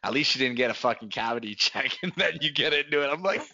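A man's voice: medium pitch, animated, fast talker, highs cut off, a crowd in the background. A man hosting a podcast in casual chat, joking crudely and laughing often.

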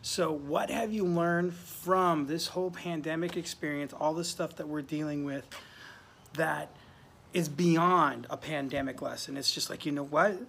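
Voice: mid-range voice, unhurried, gravelly, a bit bright, a little hiss or hum. A podcast host in casual chat, upbeat and chatty, talking to listeners like family.

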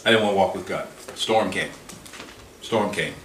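Man preacher, bright lively sermon delivery, recorded far off in an echoey room. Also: deep voice, normal speed, a little hiss or hum. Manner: animated, quoting scripture in dramatic voices.

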